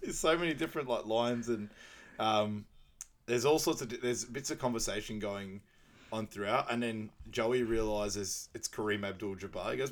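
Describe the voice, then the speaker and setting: A man's voice: on the low side, normal speed. Aussie guy on a movie podcast, chatty, keeps laughing while he retells scenes. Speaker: podcast co-host. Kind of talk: casual movie recap chat.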